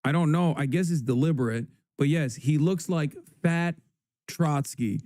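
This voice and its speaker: A male streamer rants hotly and swears freely while he reacts on his live stream. His voice sits a little high for a man, with a mellow, soft-edged tone. The sound is close and dry. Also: a little slow, no echo. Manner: profane, heated ranting. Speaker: livestream host.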